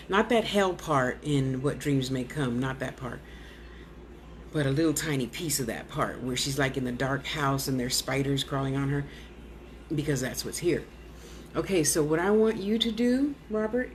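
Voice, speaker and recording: A woman's voice: fairly low pitch, darkish tone, slight background noise. A woman talking casually to an unseen spirit, coaxing and soothing it, with blunt, cursing asides. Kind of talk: casual one-sided spirit talk.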